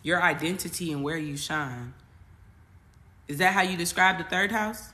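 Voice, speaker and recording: Woman host, casual livestream, bright forceful tone, repeats herself for emphasis. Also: fairly low pitch, normal speed, pauses often. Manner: emphatic, repetitive, talks straight at the audience; casual slang and swearing. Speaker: spiritual coach and astrology livestream host. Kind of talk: casual livestream talk to viewers.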